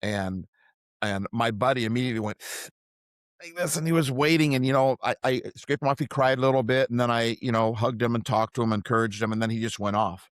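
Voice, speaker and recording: A man's voice: mid-range voice, fairly quick, no echo, clean studio sound. An older man, a podcast co-host, reflecting earnestly on raising his sons in a casual chat.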